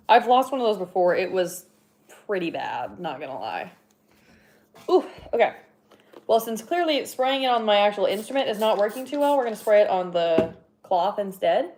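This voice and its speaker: A woman's voice: mid-range voice, darkish tone. A young woman chatting casually on a livestream while cleaning her horn, rambling with lots of fillers and laughing now and then, a little out of breath. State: slightly out of breath.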